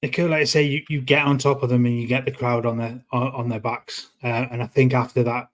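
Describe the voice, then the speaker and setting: Speaking with little pitch movement at a medium pitch, a North East England man co-hosts a football podcast. The chat is casual but halting, as he often breaks off and begins again with repeated words.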